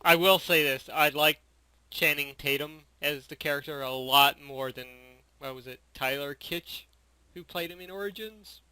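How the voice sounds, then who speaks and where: A man's voice: a little high, normal speed, sharp tone, clear, resonant tone, dry recording. A man co-hosting a podcast in easygoing casual chat, full of fillers. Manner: easygoing, asks questions, lots of likes and fillers. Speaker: podcast co-host. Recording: dry close sound.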